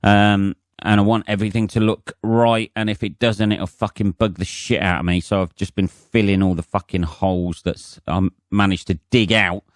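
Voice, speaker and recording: A man's voice: lowish voice, level tone, moderate pace, hardly any pauses, no room sound, studio quality. A man hosting his own podcast, rambling casually, swearing freely and self-mocking, with frequent ums. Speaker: podcast host. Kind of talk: solo casual monologue.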